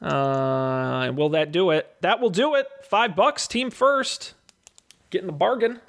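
A man's voice: on the high side, normal speed, gravelly. A man hosting a casual show, reading out movie blurbs and calling bids like a jokey auctioneer. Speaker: host running a movie draft auction. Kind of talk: casual podcast chat.

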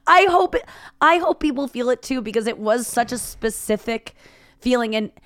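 A woman's voice: fairly high pitch, lively intonation, moderate pace, dry recording. A woman who is a guest on a podcast, talking casually and reacting expressively. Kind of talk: casual chat.

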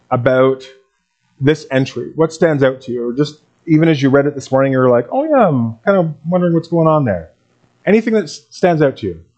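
A man pastor reading a Bible passage aloud and then preaching in a relaxed, conversational way to his congregation. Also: mid-range voice, dull audio. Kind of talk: sermon.

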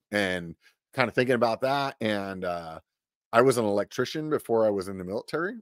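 A middle-aged man telling a story casually on a podcast, animated, with lots of filler words and cursing. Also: fairly low pitch, fairly quick, no room sound, clean studio sound. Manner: animated, swearing, many "like" fillers. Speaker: podcast guest.

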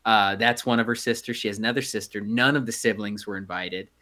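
A man's voice: fairly low pitch, fairly even intonation, brisk, bright, forceful tone. A middle-aged man co-hosting a podcast in casual chat, rambling with many fillers and restarts. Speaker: podcast co-host.

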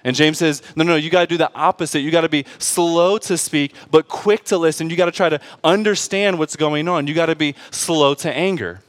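Male pastor, fairly high voice, casual preaching style, jokes, constant "right?" check-ins. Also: brisk, few pauses. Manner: keeps asking the congregation "right?" and "okay?"; informal and joking, with asides to the congregation. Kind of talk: conversational sermon.

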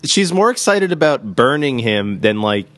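A man co-hosting a podcast, chiming in with quick, agreeing remarks in casual film discussion. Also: mid-range voice, big pitch swings, fairly bright tone. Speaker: podcast co-host.

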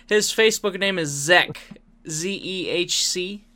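A man's voice: high-pitched, measured pace, crowd noise. A man hosting a podcast in casual chat, laid-back, laughing often and swearing freely. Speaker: podcast host.

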